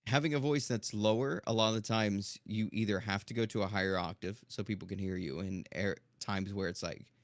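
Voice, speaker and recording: A man talking casually on a podcast in a low, projecting chest voice, keeping a calm, even, near-monotone delivery. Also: a little fast, hardly any pauses, no room sound, studio quality. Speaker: streamer guest. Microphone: dynamic studio microphone.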